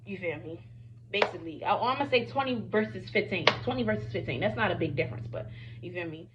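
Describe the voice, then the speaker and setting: A young woman vlogger telling a storytime while doing her makeup, animated and chatty, often saying "y'all" and "you feel me". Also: lowish voice, quick pace, dull audio, very noisy.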